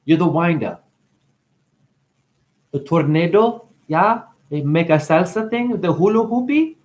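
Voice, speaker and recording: A man's voice: high-pitched, expressive, measured pace, a little mellow. A man giving a rambling spiritual monologue, free-associating with wordplay, swearing often and breaking into laughter. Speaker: self-styled spiritual teacher.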